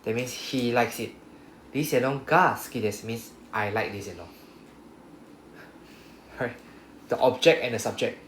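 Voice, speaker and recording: Explaining Japanese grammar patiently to a class, this man frequently asks "right?" to check understanding. His voice is medium-pitched and fairly bright, at normal speed with long pauses, recorded in a roomy, echoing classroom with a faint hum.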